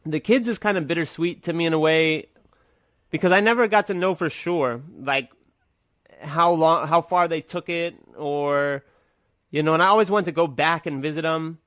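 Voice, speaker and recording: A man's voice: a little high, normal speed, a bit bright, no echo, clean studio sound. A man guest with a stuffy nose, telling a loose, rambling story in casual talk.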